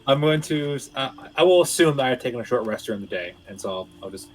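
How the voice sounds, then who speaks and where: A man from Canada playing a tabletop game, rambling and halting, with casual swearing. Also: mid-range voice, lively intonation, faint music behind, rough recording. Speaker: player.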